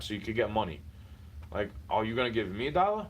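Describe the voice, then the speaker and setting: A man's voice: mid-range voice, very animated, quick pace, slight background noise, rough recording. A man venting in a heated, repetitive personal rant, speaking straight at someone he is fed up with and swearing often. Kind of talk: frustrated personal rant to camera.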